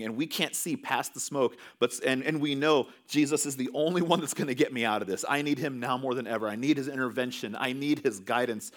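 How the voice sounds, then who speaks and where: A man in his thirties preaching a sermon, earnest, swinging between loud emphasis and hushed, quiet lines. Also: medium pitch. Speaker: pastor.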